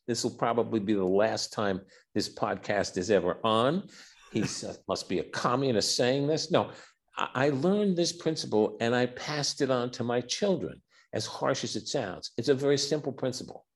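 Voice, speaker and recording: An older man talking as a physician and author on a podcast. His pitch swings widely as he tells candid personal stories. He acts out the dialogue and stumbles over a few repeated starts. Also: animated, moderate pace. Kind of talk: candid interview storytelling.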